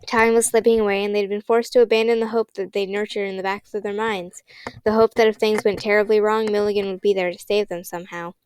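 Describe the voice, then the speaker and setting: Smooth-voiced woman reading a storybook. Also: mid-range voice, flat delivery, quick pace, darkish tone. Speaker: audiobook reader. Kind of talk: storybook audiobook narration.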